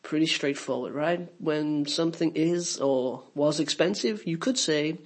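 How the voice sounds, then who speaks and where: A man narrating a scripted English lesson, explaining clearly and giving spoken examples. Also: a little high, measured pace. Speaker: English teacher.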